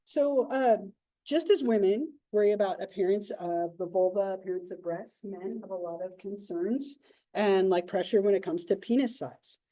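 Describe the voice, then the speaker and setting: A woman's voice: mid-range voice, moderate pace, warm tone, rough recording. A woman in her thirties lecturing a psychology class in a classroom, chatty and loose, with many fillers and asides. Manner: chatty, full of fillers and asides, laughs often. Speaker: psychology instructor.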